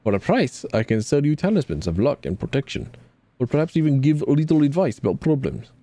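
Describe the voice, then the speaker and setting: A man voicing a mysterious middle-aged fortune teller who drops his articles and speaks in a slow, mystical lilt. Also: medium pitch, big pitch swings, mellow, voice pushed up. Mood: sly.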